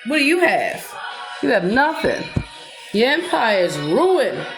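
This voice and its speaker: Slow and sing-song, her fairly high voice carries an impassioned, confrontational sermon from a self-proclaimed preacher, a Black woman addressing her accusers. She moves into gospel singing, with music and roomy echo around her.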